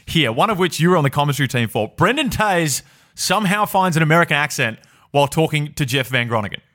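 Quick, bright podcast host. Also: male voice, fairly high pitch, expressive. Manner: jokey, laid-back. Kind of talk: casual sports chat.

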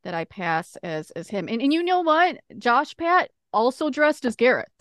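A woman in a tabletop game who stumbles and repeats herself as she speaks. Her pitch swings widely, and the sound is close and dry. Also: big pitch swings, moderate pace, fairly bright tone, no echo. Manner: hesitant, repeats words. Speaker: player.

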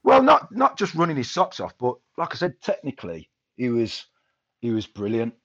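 A man's voice: medium pitch, very animated, normal speed, a bit bright. A man, a former footballer, reminiscing casually in a rambling way with many restarts. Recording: dull lo-fi sound.

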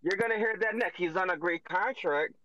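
A man's voice: sits high, fairly quick, a crowd in the background. A man in a heated sports chat, trolling and laughing easily. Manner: trolling, giggly, laid-back. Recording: dull lo-fi phone audio.

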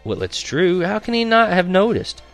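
A man voicing a moody, snappish teenage older sister with a sharp, scornful delivery. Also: sits high, sing-song, moderate pace, faint music behind, voice pushed up, exaggerated voice.

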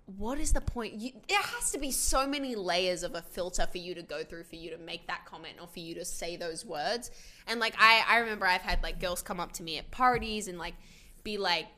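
A young woman from Australia with an Australian accent, telling stories in a casual chat, animated and full of "like". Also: mid-range voice. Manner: animated storyteller, lots of "like", laughs often. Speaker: podcast guest.

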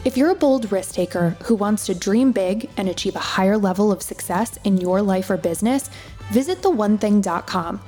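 Woman, podcast announcer, scripted outro, upbeat, mellow voice, faint music. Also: medium pitch, moderate pace. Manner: smooth, upbeat, promotional.

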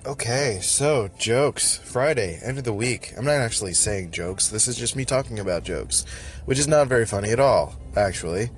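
A man's voice: mid-range voice, lively intonation, normal speed, soft background music. Rambling man with a mild Philly accent. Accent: mild Philadelphia. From Northeast Philadelphia. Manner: rambling, self-interrupting, laughs often. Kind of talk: casual solo rant. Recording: loud street and car noise.

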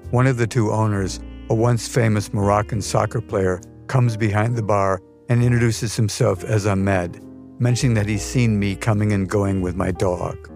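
Low-voiced man narrating a memoir. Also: fairly even intonation, normal speed, gravelly, darkish tone, faint music behind. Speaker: podcast narrator.

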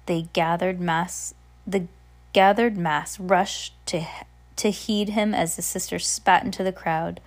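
A woman's voice: fairly low pitch, steady tone, measured pace. A woman reading a storybook aloud, stumbling and restarting now and then. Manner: unpolished, frequent restarts. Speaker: reader.

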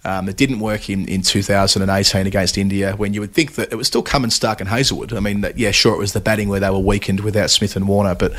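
Aussie bloke breaking down cricket tactics, steady and thoughtful, low-ish voice. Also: male voice. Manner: measured, analytical, with fillers. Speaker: podcast co-host. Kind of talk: casual cricket chat.

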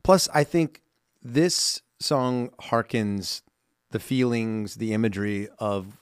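A man co-hosting a podcast in casual chat, playful and animated as he tells stories. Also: on the low side, takes it slowly, smooth, no room sound, clean studio sound. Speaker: podcast co-host.

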